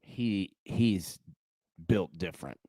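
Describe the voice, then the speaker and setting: A young man hosting a casual live sports-betting show, chatty and animated, calling people "dude" and "man". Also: deep voice, takes it slowly, dry recording, studio quality. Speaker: host.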